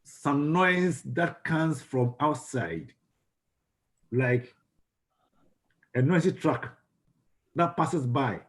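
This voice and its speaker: A man's voice: a little high, expressive, very slow, pauses often. Ghanaian man lecturing with many restarts. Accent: Ghanaian English. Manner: repeats words and restarts, asks the class questions. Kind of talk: classroom lecture on communication.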